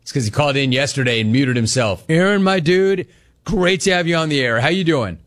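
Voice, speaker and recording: A man's voice: fairly high pitch, animated, a little fast, fairly bright tone. A middle-aged man hosting a live call-in show, reading viewer messages aloud in a brash, jokey, teasing manner. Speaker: talk show host.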